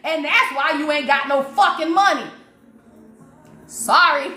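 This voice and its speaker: A woman's voice: sits high, unhurried, pushed and bright, roomy sound, faint music behind. A woman giving a blunt, profane, preachy spiritual reading on a livestream, laughing often. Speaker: spiritual reader.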